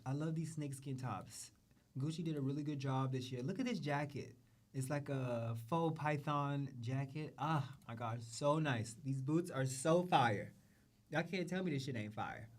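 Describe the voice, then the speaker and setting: A man's voice: fairly high pitch, normal speed. A man hosting a show, talking casually and profanely about runway looks, repeating phrases and trailing off. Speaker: show host. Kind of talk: casual fashion commentary.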